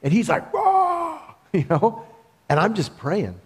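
A man preaching a sermon, talking in an animated, conversational storytelling way with laughs. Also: fairly high pitch, moderate pace, husky.

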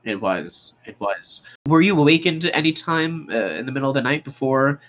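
A man's voice: mid-range voice, lively intonation, normal speed, a bit bright. A man playing a tabletop game, questioning characters politely and probing, laughing easily. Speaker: player.

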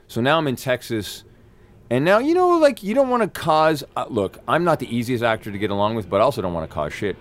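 A male actor, a guest on an interview show, telling a long anecdote in a profane, animated way. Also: mid-range voice, fast talker, no echo.

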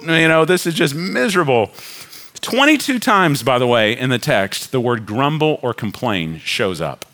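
A middle-aged man, a pastor preaching a sermon, animated, acting out complaining crowds in a raised voice. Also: mid-range voice, moderate pace.

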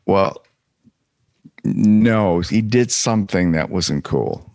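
A man with a very deep voice talks casually on a podcast, rambling and stopping to restart his sentences. The recording is dry and close. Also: animated, takes it slowly, creaky, a little mellow, dry recording. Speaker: podcast co-host. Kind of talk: casual chat.

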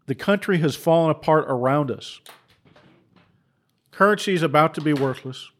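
A man delivers a fiery preaching rant at a slightly raised pitch. He hammers his points with rhetorical questions and repetition, tripping into quick restarts along the way. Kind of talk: impassioned preaching commentary.

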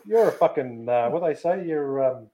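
A man's voice: a little high, mellow. A man co-hosting a casual livestream who teases, swears and laughs often. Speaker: co-host, knife-making gear supplier. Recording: dull lo-fi sound.

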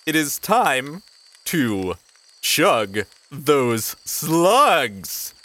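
A man's voice: on the high side, very animated, drawn-out words, sharp tone, voice pushed up, full character voice. Man playing a pompous goblin herald. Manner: grandly declaiming, drawn out. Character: pompous male goblin announcer.

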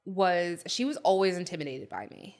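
A woman's voice: lowish voice, lively intonation, normal speed. A woman co-hosting a podcast, chatty and telling stories in casual conversation. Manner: chatty, storytelling. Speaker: podcast co-host. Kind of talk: casual chat.

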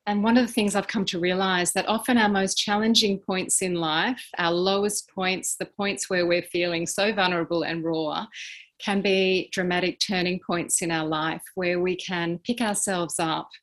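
A woman's voice: lowish voice, fairly bright tone. Aussie woman in her 50s, guest on a podcast, sincere and reflective, stumbles and restarts a bit. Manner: earnest, heartfelt, halting with restarts. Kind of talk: reflective interview answers.

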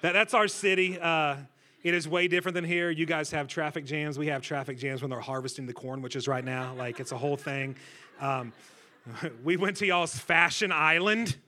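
Guest preacher, man, bright forceful tone, slightly high voice, jokes with the room. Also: moderate pace, slight background noise. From Centralia, Illinois. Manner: energetic, joking, talks with the crowd. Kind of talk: sermon. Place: church stage before a congregation.

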